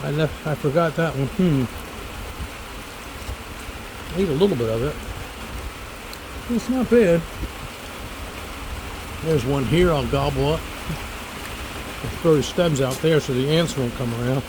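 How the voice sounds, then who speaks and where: A man's voice: fairly high pitch, expressive, unhurried, pauses often, background noise. A man in his seventies, a former teacher, chatting casually and rambling off on tangents while he picks figs outdoors. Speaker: fig grower and former teacher. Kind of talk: casual garden vlog. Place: outdoors among fig trees.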